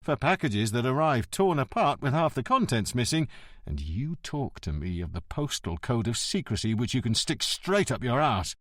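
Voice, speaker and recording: A male narrator plays a cunning, hot-tempered police inspector in an audiobook. He speaks in a biting, theatrical way, and his pitch swings widely. The sound is dry and close. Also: very animated, normal speed, dry recording. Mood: contemptuous.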